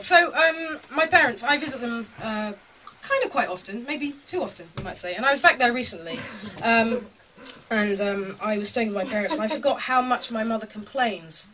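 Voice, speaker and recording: A woman in her thirties performing stand-up comedy on a small club stage, chatty and self-mocking, with lots of ums. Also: on the high side. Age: 30s. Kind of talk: live stand-up comedy set. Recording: noisy live club with loud crowd.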